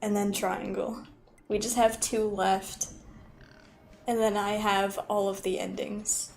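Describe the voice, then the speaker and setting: A woman's voice: medium pitch, level tone, takes it slowly, gravelly, darkish tone, soft background music. A young woman chatting and giggling as she plays through a video game on a livestream. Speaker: streamer. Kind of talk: casual gameplay livestream.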